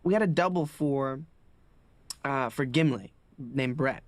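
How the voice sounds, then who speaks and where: A man's voice: mid-range voice, measured pace. A man actor in a documentary interview, talking enthusiastically about his co-workers.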